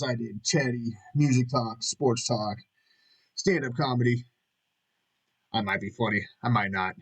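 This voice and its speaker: Middle-aged dude rambling on his vlog, jokey and sweary, regular pitch. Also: poor audio. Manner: jokey, profane, self-mocking. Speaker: vlogger. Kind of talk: rambling casual monologue.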